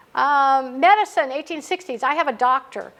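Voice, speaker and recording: Chatty high-voiced woman leading a workshop. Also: measured pace, a bit bright. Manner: chatty, anecdotal, laughs at her own stories. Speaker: writing workshop presenter. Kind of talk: casual workshop talk. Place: public library meeting room.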